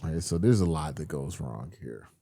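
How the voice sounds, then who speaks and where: A man's voice: rumbling low, moderate pace, vocal fry, husky, no echo, studio quality. A man hosting a casual football film review, talking straight to his viewers and getting exasperated, with some swearing. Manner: animated, exasperated, swears, addresses viewers as y'all. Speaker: football film breakdown host.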